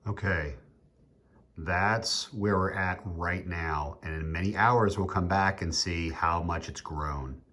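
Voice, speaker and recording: A middle-aged man chatting casually as he cooks at home, laughing often and getting excited. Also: low voice, takes it slowly. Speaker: home cook. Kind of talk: casual cooking vlog.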